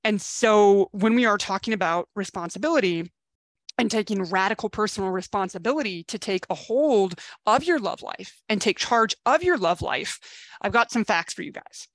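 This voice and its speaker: Middle-aged female dating coach, middle pitch, dry close sound, frank and chatty tough-love delivery. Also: lively intonation, normal speed, dry recording. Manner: blunt tough-love pep talk, casual and chatty with swearing. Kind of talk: coaching video talk to camera.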